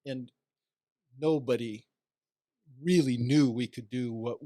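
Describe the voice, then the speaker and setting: A man's voice: mid-range voice, slow pace, no echo, studio quality. A man in his sixties, an athletic director, telling anecdotes in a casual interview and briefly acting out other people's voices. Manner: animated anecdotes, acts out quoted voices. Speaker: guest, retiring athletic director.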